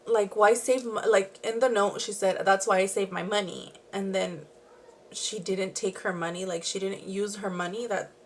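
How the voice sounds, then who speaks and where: This beauty and true crime vlogger has a mid-range voice, with slight noise in the background. Doing her makeup at home, the young woman chats her way through a true crime tale, wandering off on asides and saying "like" a lot.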